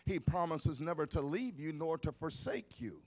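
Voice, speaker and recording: A man's voice: on the high side, lively intonation, normal speed. A man in his fifties preaching a sermon in a conversational way, coaxing the congregation along. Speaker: pastor.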